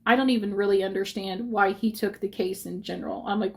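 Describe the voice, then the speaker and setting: A woman's voice: medium pitch, steady tone, fairly quick, gravelly. A woman talking casually to her viewers, rambling with many fillers and self-corrections, upset and defensive, close to tears at times. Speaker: vlogger.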